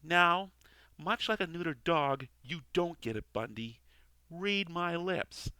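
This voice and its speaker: A man reading a comic part, voicing a brash, sarcastic male guardian angel who breaks into high screams. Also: expressive, slow pace, bright, forceful tone, clean tone, dry recording, exaggerated voice.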